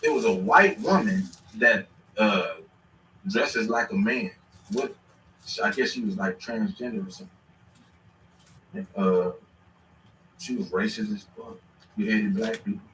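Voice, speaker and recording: A man in his thirties telling stories in casual chat, animated and swearing freely. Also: on the low side, a little slow, pauses often, distant mic, a little hiss or hum. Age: 30s. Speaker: podcast host. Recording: echoey room, away from the mic.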